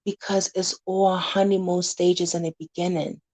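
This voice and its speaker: A woman's voice: lowish voice, level tone, normal speed, darkish tone. A woman community advocate talking casually to camera, blunt and candid, warning her viewers and acting out scenes to make her point.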